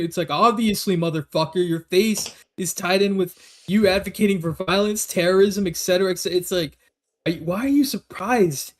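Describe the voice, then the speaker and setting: A man's voice: high-pitched, brisk. A man ranting crudely in casual chat on a stream, laughing often.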